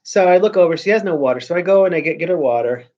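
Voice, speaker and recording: A man's voice: fairly high pitch, animated, rapid-fire, a little mellow. Rambling man chatting on a lo-fi stream. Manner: rambling, with frequent restarts and trailing off. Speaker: vlogger host. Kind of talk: casual livestream chat.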